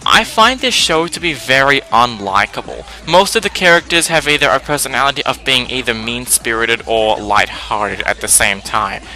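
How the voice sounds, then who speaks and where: Bright, ranting male reviewer. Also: mid-range voice, low-quality recording. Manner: ranting, blunt and emphatic. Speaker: list-video host. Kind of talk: opinionated review narration.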